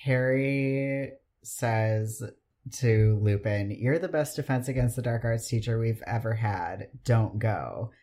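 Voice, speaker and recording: A podcast host chatting casually, retelling scenes in a lively, profane way and acting out the quotes. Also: medium pitch, slow pace.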